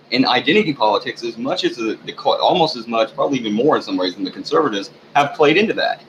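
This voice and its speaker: A man ranting in a rambling, profane monologue for his channel, halting often with fillers. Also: mid-range voice, animated, a bit bright. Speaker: channel owner. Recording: dull lo-fi recording with faint hiss.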